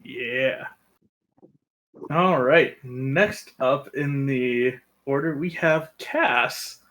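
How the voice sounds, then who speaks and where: Bright-voiced male stream host. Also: mid-range voice, extremely slow. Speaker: host and game master.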